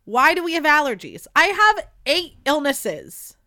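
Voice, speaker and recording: A woman's voice: high voice, big pitch swings, measured pace, pushed and bright, no room sound, clean studio sound. A woman in her late twenties hosting a casual solo podcast, candid and rambling and swearing freely, her throat irritated by allergies. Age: late 20s. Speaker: podcast host.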